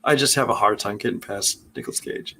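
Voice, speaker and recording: A man's voice: lowish voice, brisk, vocal fry, sharp tone, slight background noise. A man co-hosting a casual movie podcast, critiquing a film in a rambling way with many fillers. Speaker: podcast co-host.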